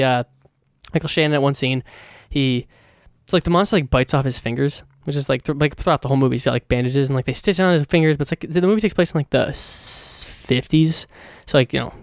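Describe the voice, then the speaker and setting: A man's voice: mid-range voice, clean tone, dry recording, studio quality. A man hosting his own podcast, giving a casual, rambling, profane movie review full of fillers. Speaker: podcast host.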